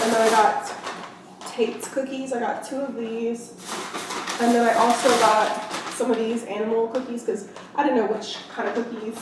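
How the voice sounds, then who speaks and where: A young woman chats through a home shopping haul as a mother, wandering off-topic with filler words. Her voice sits a little high. The camera is set down a few steps away in a very echoey room with steady background noise. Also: distant mic. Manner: chatty and rambling, lots of "like". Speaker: vlogger, mother. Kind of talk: casual haul vlog. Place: at home, indoors. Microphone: camera set down nearby. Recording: very echoey room, off-mic, noisy.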